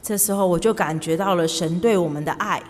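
A woman's voice: on the low side, fairly quick, darkish tone. A woman interpreting a sermon sentence by sentence, speaking plainly and steadily. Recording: church hall reverb.

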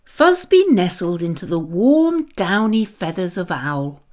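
Slow, expressive woman reading a children's story. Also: fairly low pitch. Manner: gentle, expressive and soothing.

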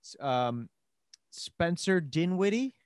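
A man from Queens trades teasing jabs with his co-host in relaxed podcast banter. His voice sits slightly high. The sound is dry and close, with no room around it. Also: slow, clear, resonant tone, no room sound. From Queens, New York. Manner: teasing, bantering, heated when defending his team. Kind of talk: casual chat.

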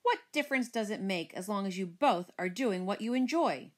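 A woman's voice: medium pitch, animated, moderate pace, close to an everyday voice. A woman voicing a mother who firmly scolds her two bickering children in a read-aloud story. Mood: stern.

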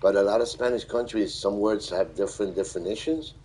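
A man live streaming, reading viewer comments aloud and thanking them in a halting, friendly way. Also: on the low side, dark tone, husky, low-quality recording. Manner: halting, with many fillers and restarts. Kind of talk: casual live-stream chat.

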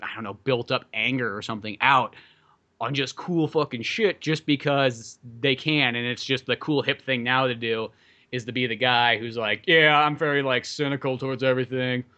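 A man's voice: medium pitch, fairly even intonation, moderate pace, sharp tone, lo-fi sound. A man co-hosting a movie podcast, talking casually in a rambling, profane way with many fillers. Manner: rambling, profane, lots of fillers, acts out quoted lines. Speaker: podcast co-host. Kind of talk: casual movie review chat.

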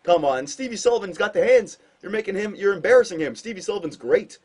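A man doing casual gameplay commentary on a hockey shootout, excitable and self-mocking, with sudden outbursts. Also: sits high, quick pace. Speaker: gaming commentator.

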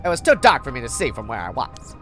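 Tough teen delinquent girl played by a woman, low drawl, dismissive, swears. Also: wildly swooping pitch, quick pace, a bit bright, soft background music, heavily acted. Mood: gruff.

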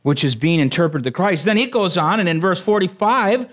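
A male pastor preaches in a high, lively voice that leaps up and down. He trades jokes with the congregation and then climbs to fervent, excited declarations. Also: brisk, few pauses. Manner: animated, rising to exclamations; jokey asides to the congregation. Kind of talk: sermon.

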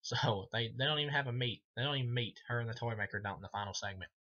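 A man's voice: medium pitch, quick pace, bright, forceful tone, highs cut off. A man giving a casual, profane movie review, rambling with many fillers and laughing at his own jokes. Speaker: film reviewer.

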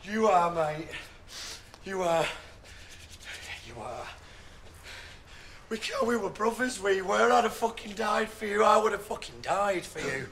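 Young man, distraught and sweary, high bright voice, roomy room sound;. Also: expressive, unhurried, full character voice. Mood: bitter. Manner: sweary, pleading and shouting in distress. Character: heartbroken young man raging at his friends. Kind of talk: television drama acting. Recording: roomy with background noise.

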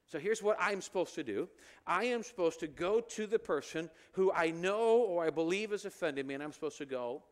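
A middle-aged man preaching a sermon in a church, animated, rising to loud emphatic peaks. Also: a little high, brisk. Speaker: pastor. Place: church sanctuary.

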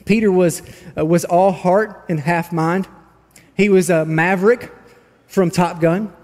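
A man's voice: high-pitched, fairly even intonation, measured pace, a little mellow, long reverb tail. A man preaching a sermon, telling a story with animation and reading scripture aloud. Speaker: pastor. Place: large church hall.

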